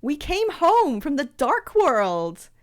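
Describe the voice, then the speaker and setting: A woman's voice: high-pitched, huge pitch swings, takes it slowly, voice pushed up, exaggerated voice. A woman doing a gushing valley girl Susie. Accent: Californian valley girl. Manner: exaggerated, gushing. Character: bubbly valley girl teen monster girl.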